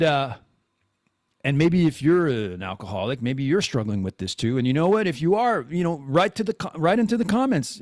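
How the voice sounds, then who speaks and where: A man in his forties talks frankly into the mic, swearing often and restarting his sentences as he goes. His voice sits a little high for a man and swings widely in pitch. The sound is close and dry, with no room around it. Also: no room sound. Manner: rambling, frequent profanity and restarts; candid and self-deprecating. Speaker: podcast host. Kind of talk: casual confessional monologue.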